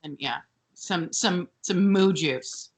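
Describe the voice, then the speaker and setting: A woman's voice: lowish voice, slow pace. A woman co-hosting a podcast in casual chat, chatty, with many fillers and frequent laughs. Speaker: podcast co-host.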